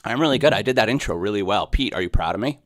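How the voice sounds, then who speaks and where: A man's voice: lowish voice, animated, very fast, a bit bright, no echo, clean studio sound. A middle-aged man co-hosting a casual podcast chat, joking and rambling with plenty of fillers. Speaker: co-host.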